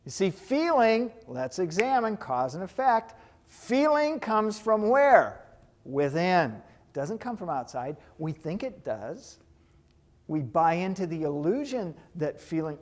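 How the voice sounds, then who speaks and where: A man teaching a class on hypnotherapy in a lively way, joking now and then and putting questions to his audience. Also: fairly high pitch, slow. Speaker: hypnotherapy instructor. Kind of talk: lecture to a live class.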